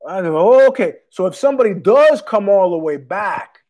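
A man's voice: sits high, moderate pace. A man hosting his own show, telling a street story in a casual, profane monologue and acting out the other people's lines. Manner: profane, animated, acts out street exchanges in quoted voices. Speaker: podcast host.

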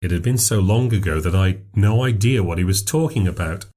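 A man narrating a ghost story in a measured, steady way. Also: low-pitched.

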